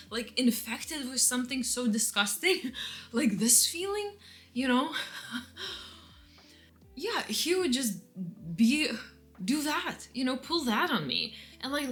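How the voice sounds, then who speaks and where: A woman vlogger with a fairly high, slightly bright voice delivers an emotional, angry story-time rant. Bitter laughter keeps surfacing as she meanders, restarts often and relies heavily on "like" and "you know."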